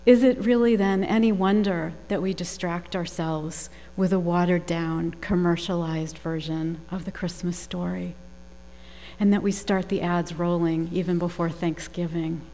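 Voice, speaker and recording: A woman pastor leading prayer and giving a measured, thoughtful sermon in a church. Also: lowish voice, fairly even intonation, dark tone. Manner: measured, thoughtful preaching with occasional fillers. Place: church sanctuary. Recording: long reverb of a large church hall.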